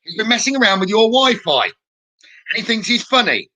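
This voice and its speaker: A man giving chatty live-streamed spirit readings as a psychic medium, often checking in with a quick "okay?". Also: sits high, very animated, pushed and bright. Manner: chatty, relays messages with frequent "okay?".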